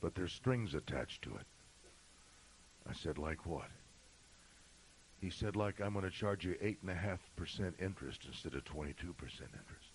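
A middle-aged male pastor telling a story in a sermon, swinging from shouting to a hushed whisper. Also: sits low, normal speed, long pauses, slight background noise, rough recording.

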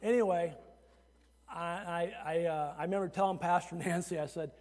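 A man preaching a sermon as pastor, animated and chatty with laughing asides, at times rising to shouts. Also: sits high, moderate pace. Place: church sanctuary. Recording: long hall reverb.

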